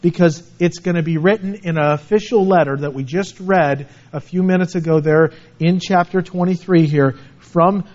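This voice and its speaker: A man's voice: a little high, normal speed, hardly any pauses, darkish tone, highs cut off. A man preaching a sermon, earnestly reading scripture aloud and explaining it. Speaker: pastor.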